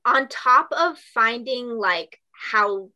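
A young woman voice actress chatting in an interview, bubbly and quick, with a lot of "like". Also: on the high side, animated, sharp tone, lo-fi sound. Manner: bubbly, fast, heavy use of "like". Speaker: voice actress guest. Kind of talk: casual interview chat.

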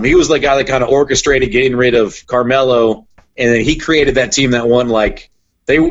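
A young man in casual podcast chat, an animated storyteller who says "like" a lot, talking about sports. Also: medium pitch, lo-fi sound. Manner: animated storyteller, heavy use of "like". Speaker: podcast guest, sports broadcaster.

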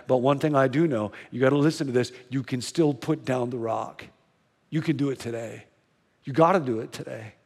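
A male pastor preaching a sermon in a church, telling a story with earnest, slow and emphatic repetition. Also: medium pitch, a little mellow, big-room sound. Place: church sanctuary.

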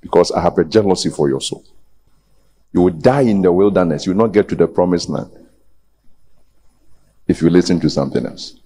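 A man's voice: low voice, fairly quick, pauses often, mellow, breathy edge. A man preaching a sermon as pastor, challenging and pleading with the congregation and rising to emphatic peaks. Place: church. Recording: long hall reverb.

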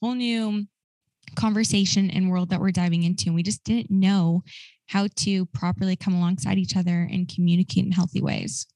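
A woman's voice: on the low side, steady tone, a little fast, dark tone, no echo, rough recording. A woman speaking earnestly as a guest in a casual podcast interview, sharing her experience. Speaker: guest, recovery ministry co-founder.

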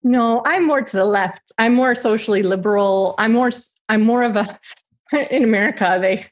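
A woman's voice: on the high side, normal speed. A woman in her late thirties, a guest in a political interview, speaking earnestly with frequent restarts. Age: late 30s.

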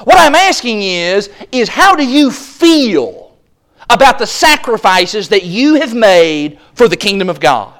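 A man preaching a sermon at a church service, impassioned, building to loud exclaims and acting out the voices he quotes. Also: high-pitched, big pitch swings, measured pace.

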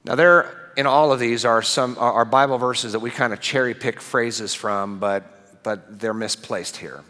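A middle-aged male pastor giving a conversational sermon in a church, animated and asking the congregation questions. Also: medium pitch, unhurried, long reverb tail. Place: church sanctuary.

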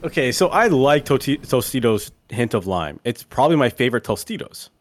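A man's voice: medium pitch, big pitch swings, fairly quick, slight background noise. A man hosting a casual podcast chat, steering the segment and calling on his co-hosts by name. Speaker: podcast host.

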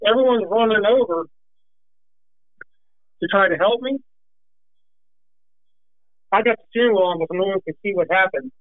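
A man's voice: high voice, moderate pace, pauses often, no echo. Breathless folksy man telling a racing story on a tinny phone line. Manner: animated, folksy, rambling with restarts. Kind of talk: casual storytelling.

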